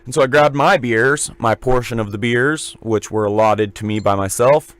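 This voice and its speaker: Man, podcast co-host, loose joking storyteller, mid pitch, dry close sound. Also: normal speed, a bit bright, no room sound. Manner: rambling, joking anecdotes. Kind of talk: casual storytelling.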